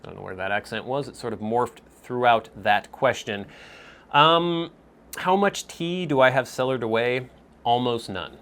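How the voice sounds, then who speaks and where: Answering viewer questions in a casual Q&A vlog, this male host thinks out loud, hunting for words and making small restarts. He has a medium-pitched, slightly bright voice and a moderate pace.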